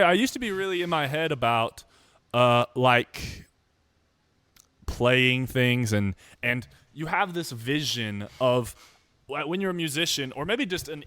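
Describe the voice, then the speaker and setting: A man's voice: mid-range voice, fairly bright tone, no room sound. Rambling, self-mocking young man. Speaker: musician vlogger. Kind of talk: rambling casual monologue.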